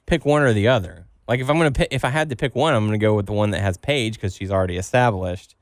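Wry young podcast co-host recapping matches. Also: male voice, lowish voice, quick pace, no room sound, clean studio sound. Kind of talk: casual wrestling podcast recap.

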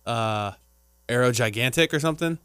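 A man with a light Texan twang, talking in a loose rambling way with plenty of fillers. His voice is bright and smooth. The sound is dry and close. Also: medium pitch, normal speed, no echo. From Texas. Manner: rambling, filler-heavy, chatty. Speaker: podcast co-host. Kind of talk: casual chat.

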